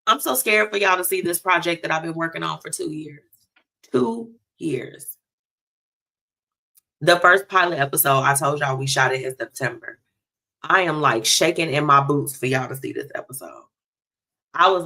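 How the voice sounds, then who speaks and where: A woman's voice: deep voice, pushed and bright. A woman hosting a talk show, chatting casually and animatedly straight to her listeners.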